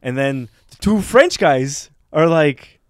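A man's voice: fairly high pitch, takes it slowly, clear, resonant tone, dry recording, studio quality. Male podcast co-host, casual storyteller who acts out other voices, clean resonant tone. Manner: animated storyteller, acts out voices, laughs often.

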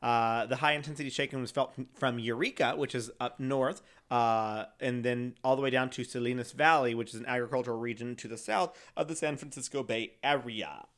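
Casual male co-host, even mid pitch, reads facts with stumbles and jokes around. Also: fairly quick, few pauses. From United States. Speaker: podcast host presenting the topic. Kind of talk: casual comedic chat.

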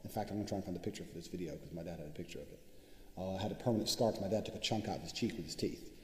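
Low-pitched and a little mellow, this man races through a profane, swaggering pep talk about money as a vlogger. He boasts brashly and curses constantly, and the echoey room adds a long reverb.

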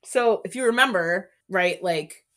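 A woman's voice: medium pitch, measured pace, a bit bright. A woman in her forties, a podcast guest telling stories in a candid, chatty way. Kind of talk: casual interview storytelling.

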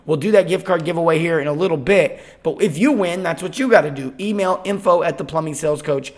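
A man hosting a sales podcast, telling a story in a casual, animated way with lots of restarts. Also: fairly high pitch, fast. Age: adult, father of eight. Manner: animated, chatty, repeats himself. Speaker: podcast host and sales coach.

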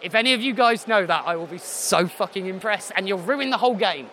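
A man hosting a live quiz show in a deadpan, sarcastic way, slightly hoarse as he loses his voice. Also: sits high, fairly quick, slight background noise. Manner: deadpan sarcasm, teasing the audience.

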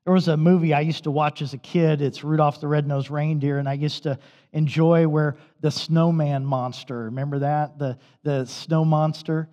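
A man's voice: fairly high pitch, little pitch movement, normal speed, dark tone. A male pastor preaching a sermon in a church, telling stories in a conversational way. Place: church sanctuary. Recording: dull recording with long hall reverb.

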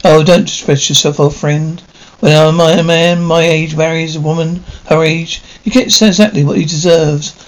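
A man's voice: a little high, steady tone, close to an everyday voice, low-quality recording. A man playing a weary old stage star. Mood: weary, melancholy. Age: older. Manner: wistful, theatrical, measured. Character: aging male stage star, weary, melancholy, grieving. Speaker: aging stage actor. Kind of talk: 1950s television drama. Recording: faint hiss of an old TV soundtrack.

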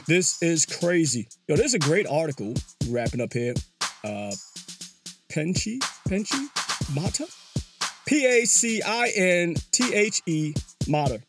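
Male podcast host, slightly high, very lively voice, rambling casual delivery, music clearly playing behind. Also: slow pace. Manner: loose and rambling, peppered with "yo" and restarts. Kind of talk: casual solo commentary. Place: small enclosed recording booth.

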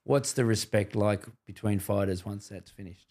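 A man's voice: lowish voice, moderate pace, a little mellow. A man hosting an interview podcast, asking casual questions and encouraging his guest with frequent agreement. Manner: encouraging, many "yeah" backchannels. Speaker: podcast host.

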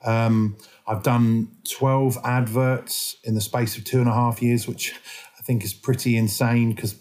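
An actor from England chatting casually as a guest. His voice sits at an average pitch, and his speech meanders with lots of restarts. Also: little pitch movement, unhurried, a little mellow. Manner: rambling, many fillers and restarts. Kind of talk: casual interview chat.

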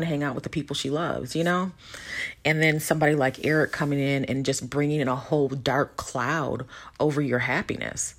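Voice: mid-range voice, a bit bright. A reality show commentator giving casual, opinionated commentary and talking straight to the viewers.

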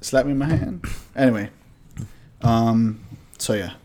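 A young man co-hosting a podcast, telling a story in a lively, laughing way. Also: mid-range voice, measured pace. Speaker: podcast co-host. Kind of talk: casual storytelling chat.

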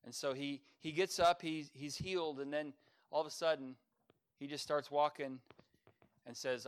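A man preaching a sermon as pastor, earnest, with sudden swells in loudness. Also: fairly high pitch, steady tone, normal speed, clean tone. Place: church service.

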